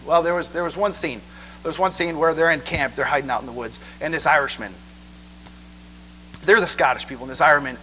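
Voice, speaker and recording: A man preaching a sermon in an animated way, often checking in with listeners. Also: a little high, slight background noise, poor audio. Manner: animated, asks the crowd 'okay?' a lot.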